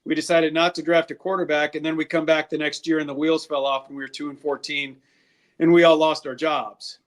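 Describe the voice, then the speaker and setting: Male scout guest, candid and rambling, voice a touch high. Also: little pitch movement. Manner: candid, quick, lots of restarts. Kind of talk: casual interview talk.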